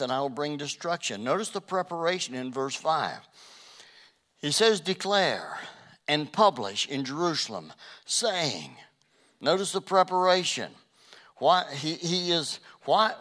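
A man preaching a sermon, emphatic, rising to loud declarations as he quotes scripture. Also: on the high side.

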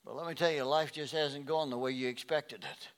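A male pastor preaching a sermon, swinging from loud emphatic rises to quiet low passages and often repeating words as he restarts phrases. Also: steady tone, brisk.

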